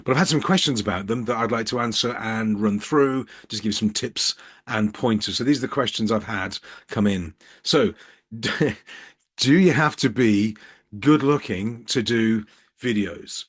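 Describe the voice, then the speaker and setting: A man's voice: lowish voice, unhurried, slightly rough. Middle-aged man from Birmingham, casual vlog tips, dry self-mocking humor, office recording, talking to camera. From Birmingham, England. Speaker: business coach. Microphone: camera at eye level with ring light.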